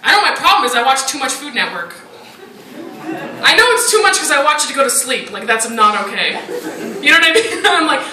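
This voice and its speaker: Woman stand-up comic, high and bouncy, self-mocking banter; recorded from a distance in an echoey club. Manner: chatty, self-mocking, punctuated with "like" and "you know". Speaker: stand-up comedian. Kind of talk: stand-up comedy set. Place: comedy club stage. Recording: roomy live recording from a distance with loud crowd noise.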